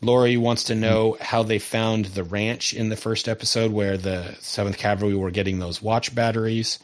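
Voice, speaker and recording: Low-voiced man eagerly retelling an episode. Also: moderate pace. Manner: lively retelling, often laughing. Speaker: podcast co-host. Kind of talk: casual TV episode recap.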